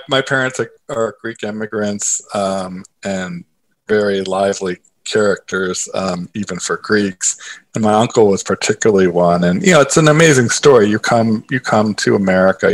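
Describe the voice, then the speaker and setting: A man being interviewed as a guest, telling a personal story in a lively conversational way, full of filler phrases and restarts. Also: on the low side, moderate pace, vocal fry. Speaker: interview guest, author and investor.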